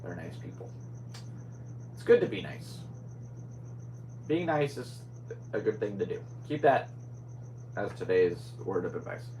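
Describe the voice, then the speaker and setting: A young man talks his way through a casual solo podcast, drifting from one thought to the next. His voice sits on the low side. A faint hum runs quietly behind him. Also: very animated, unhurried, long pauses, poor audio. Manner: rambling, scatterbrained. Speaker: podcast host.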